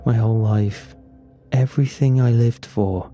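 A man narrating a first-person horror story in a slow, somber, scripted telling. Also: mid-range voice, fairly even intonation, mellow, soft background music.

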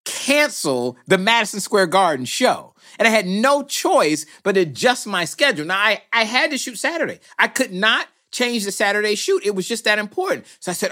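A man's voice: high-pitched, sing-song, brisk. A man who is a film producer, telling a story with energy and acting out the voices of the people in it. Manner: acts out voices in anecdotes, swings from hushed to exclaiming. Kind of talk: animated storytelling.

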